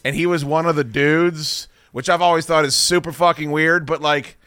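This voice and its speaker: A man's voice: fairly high pitch, fairly even intonation, normal speed, pushed and bright, smooth, no echo, clean studio sound. A man hosting a podcast, chatting casually and telling ranting, profane, mocking stories. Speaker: podcast host. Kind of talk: casual chat.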